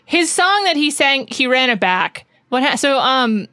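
A woman's voice: high voice, very animated, measured pace, bright, forceful tone, no room sound, clean studio sound. A woman from New York co-hosting a podcast, chatting casually and rambling with lots of "like" fillers. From New York City. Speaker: podcast co-host. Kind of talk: casual chat.

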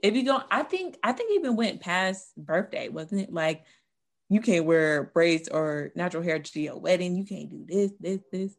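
A woman's voice: fairly low pitch, expressive, normal speed, gravelly. Joking, profane young North Carolina woman. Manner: loose, profane, joking banter. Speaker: podcast co-host. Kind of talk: casual chat.

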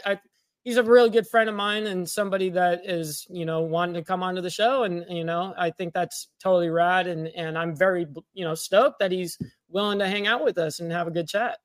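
A man co-hosting a casual radio show, laid-back and modest, talking with easy fillers. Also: high voice.

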